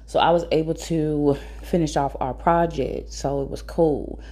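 Give me a low-voiced woman speaking straight to camera in a casual monologue. Her tone is husky and breathy, and her manner is blunt, profane and preachy as she tells stories and gives advice to mothers. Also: steady tone, measured pace, warm tone.

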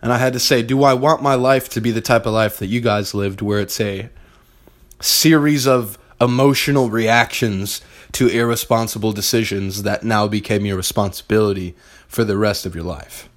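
A man's voice: on the low side, fairly even intonation, moderate pace. A young man hosting a podcast, giving a blunt, profane, fired-up motivational monologue straight to his listeners. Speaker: podcast host.

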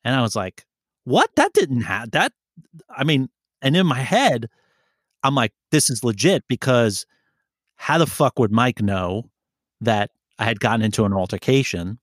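A man's voice: medium pitch, very animated, measured pace, no echo, clean studio sound. A man telling a rambling, profane story in casual chat. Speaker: podcast co-host telling a story.

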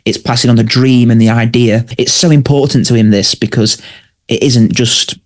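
A man's voice: mid-range voice, fairly even intonation, moderate pace. A man co-hosting a casual podcast, recapping scenes and speaking to listeners and his co-host.

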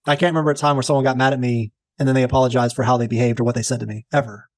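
A man co-hosting a podcast in casual chat, an animated storyteller who swears freely. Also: medium pitch, very fast, no room sound. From Texas. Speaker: podcast co-host.

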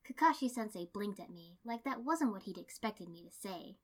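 A woman reading a first-person story aloud in an even, steady narration. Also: mid-range voice, moderate pace. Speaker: reader.

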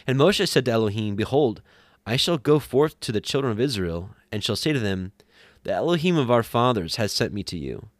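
A man reading scripture aloud at a steady pace, sometimes correcting himself. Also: mid-range voice, fairly quick, dry recording, clean studio sound. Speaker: scripture reader.

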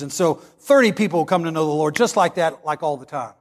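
A man with a high voice preaches a sermon with real passion. He reads scripture slowly and dramatically, then speeds up as he teaches and tells stories. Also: lively intonation. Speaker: pastor.

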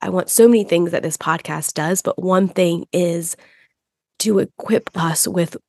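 A woman's voice: lowish voice, unhurried, a little mellow, no echo, studio quality. A woman hosting a podcast, speaking earnestly and searching for her words in a casual conversation. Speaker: podcast host.

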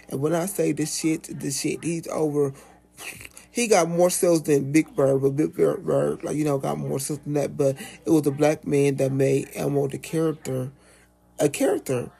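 A man talking casually as a guest on a podcast, animated and sassy, swearing freely and stretching out words like "baby.". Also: on the high side, gravelly, husky. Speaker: puppeteer guest.

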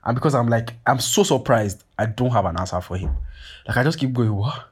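Husky-voiced man telling a story. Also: medium pitch, fast. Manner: profane, animated, heavy filler "like" and "you get what I'm saying". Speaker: podcast host. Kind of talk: casual storytelling.

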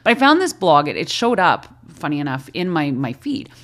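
A middle-aged woman with a low voice hosts her podcast in a relaxed, chatty way. She jumps between thoughts, restarts her sentences and talks with an animated energy. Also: fairly quick. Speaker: podcast host, school librarian. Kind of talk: casual chat.

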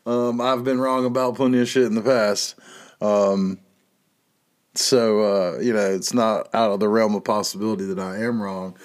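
Middle-aged guy, cussing a lot, rambly solo podcast rant. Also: fairly low pitch. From North Carolina, USA. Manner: profane, rambling, laughs at his own jokes. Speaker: podcast host. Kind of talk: casual monologue.

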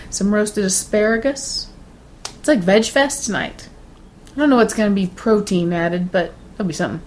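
A woman's voice: mid-range voice, slight background noise. A woman in casual conversation, telling stories in a chatty way and laughing often. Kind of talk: casual chat.

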